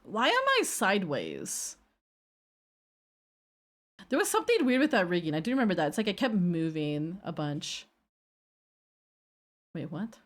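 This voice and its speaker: Lively, animated woman streamer. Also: fairly low pitch, measured pace, long pauses. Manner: animated, self-mocking, cringing at old clips. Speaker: VTuber streamer. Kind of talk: casual stream chat.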